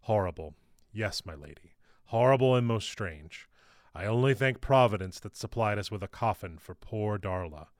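A courteous old troupe leader, played by a man reading the story, speaks with a deep, practised theatrical voice. His tone is florid and calm, pitched low. The sound is close and dry. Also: normal speed, no echo, natural voice. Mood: courtly. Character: calm white-haired old male stage player.

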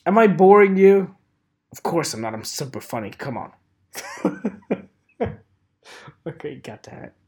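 A man's voice: fairly high pitch, sing-song, unhurried, pauses often, darkish tone, husky. A man in his twenties hosting a solo podcast, rambling in a joking, self-mocking way with fillers and swearing. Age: 20s. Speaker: podcast host.

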